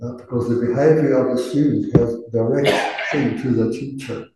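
A man's voice: medium pitch, fairly even intonation, normal speed, heavy background noise. Man teaching in a roomy hall. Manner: chatty, rambling, many fillers and tag questions. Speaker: dharma teacher. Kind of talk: informal talk to a class. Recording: roomy, distant room mic.

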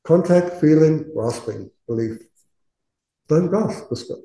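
Man, buddhist teacher, very dark mellow tone, roomy echo, chatty with laughs. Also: on the high side, expressive, slow, long pauses. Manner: chatty, laughing, acts out quoted voices. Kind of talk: casual Dharma talk.

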